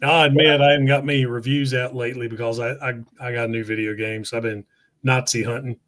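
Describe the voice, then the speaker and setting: A man chats casually as a livestream guest, teasing the others with dry humor. His voice sits at an ordinary mid pitch. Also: level tone, quick pace, a bit bright. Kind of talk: casual chat.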